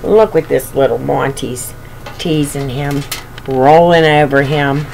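A woman reading a children's picture book aloud, with expressive narration and chatty asides to the listener. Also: deep voice, slow pace, creaky, a little hiss or hum, low-quality recording. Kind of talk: storybook read-aloud.

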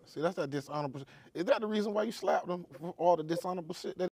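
A man's voice: high voice, racing, darkish tone. A man interviewing a guest, mostly giving brief affirmations and short remarks.

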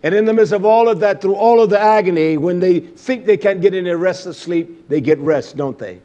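A man preaching a sermon while seated, repeating phrases and swinging from shouts down to low murmurs. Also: brisk, dull audio. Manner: repetitive, call-and-response phrasing.

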